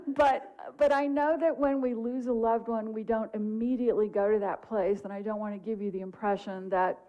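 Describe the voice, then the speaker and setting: A woman's voice: medium pitch, a little mellow. Earnest woman minister telling stories. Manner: earnest, heartfelt, chatty storytelling. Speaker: guest minister. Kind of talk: conversational sermon with personal stories. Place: church service.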